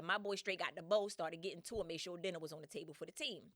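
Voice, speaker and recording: Bright, lively woman storytelling podcast host. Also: lowish voice, quick pace, few pauses, no room sound, clean studio sound. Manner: slangy, laughing, acts out voices in quotes. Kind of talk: animated casual storytelling.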